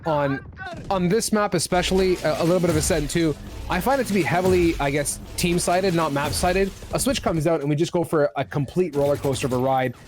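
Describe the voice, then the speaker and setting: A man doing live esports color commentary, steady and analytical with bursts of excitement on big plays. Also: on the high side, a little fast, over music.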